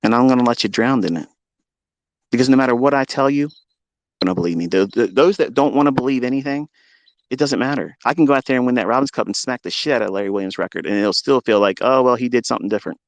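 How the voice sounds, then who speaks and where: A man's voice: medium pitch, fast talker, no room sound. A man ranting in a profane monologue as a trading teacher, combative and taunting, swearing all the way through. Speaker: trading educator.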